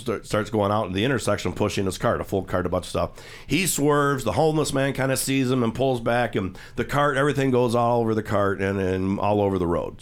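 A man hosting a radio show, casually retelling a TV scene in the studio and acting out the quoted voices. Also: fairly low pitch. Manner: rambling storyteller, acts out quoted voices. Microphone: studio microphone.

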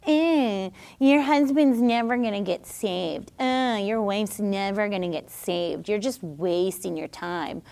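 A woman preacher voicing a demonic spirit that taunts believers in a low, hushed, mocking tone during a sermon. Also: takes it slowly, vocal fry, hardly any pauses. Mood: taunting. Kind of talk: sermon teaching.

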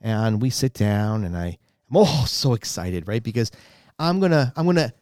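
A man telling a long personal story in casual chat, animated and exasperated, growing indignant as he goes. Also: lowish voice, moderate pace, no room sound, clean studio sound. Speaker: guest storyteller.

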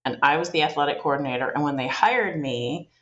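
A woman's voice: sits low, expressive, brisk, a bit bright, highs cut off. A Canadian woman chatting in an interview, rambling through stories with lots of fillers and restarts. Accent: Canadian English. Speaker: interview guest. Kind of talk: casual storytelling interview.

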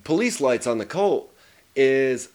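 A man's voice: medium pitch, animated, slow pace, a little mellow. A man talks through a film in casual podcast chat, his voice in the middle range for a man. He swears freely and stops often on ums and uhs while he hunts for words. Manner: profane, hesitant with fillers. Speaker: podcast co-host. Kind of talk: casual movie review chat.

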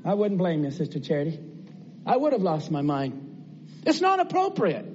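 A man's voice: on the high side, animated, normal speed, mellow, muffled recording, a little hiss or hum. A man preaching a sermon in an earnest, conversational way, asking his listeners rhetorical questions.

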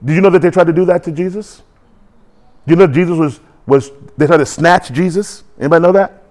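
Man preaching, emphatic, call-and-response, voice sits a bit high. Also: fast, a little mellow. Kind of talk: sermon.

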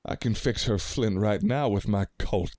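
A man's voice: lowish voice, unhurried, warm tone, no echo, natural voice. A man playing a folksy gunslinger. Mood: blunt. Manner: folksy, blunt. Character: gruff male frontier gunslinger, blunt. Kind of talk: radio drama acting.

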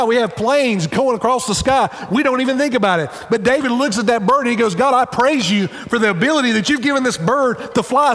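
High-voiced male pastor in echoing hall. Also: fairly bright tone. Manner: conversational, earnest preaching with wry asides. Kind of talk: sermon. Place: church sanctuary.

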